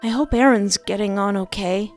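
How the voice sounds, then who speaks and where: A woman voicing a timid, easily scared young man for a game playthrough, nervous and soft-spoken. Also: high voice, normal speed, soft background music. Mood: earnest.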